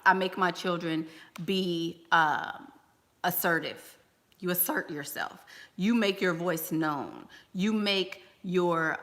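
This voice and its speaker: A woman's voice: lowish voice, sharp tone, big-room sound. A woman giving advice in a casual monologue to camera, emphatic and sassy, repeating her key lines for effect. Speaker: vlogger giving life advice.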